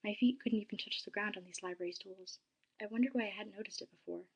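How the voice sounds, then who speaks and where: A woman reads a first-person story aloud, soft and dramatic, with some passages sinking to a hush. Her voice is breathy and airy, at a middle pitch. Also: fast, poor audio.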